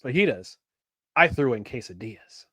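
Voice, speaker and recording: A man's voice: medium pitch, big pitch swings, moderate pace, fairly bright tone, husky, no echo, studio quality. A man co-hosting a casual podcast, rambling with many restarts and fillers. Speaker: podcast co-host.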